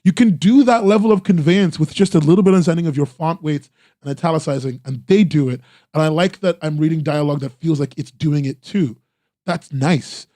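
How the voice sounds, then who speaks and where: A man casually reviews webcomics on a live stream, rambling with lots of "like" and restarts while eagerly praising them. His voice is a little high and dark in tone, a little fast, recorded dry with clean studio sound.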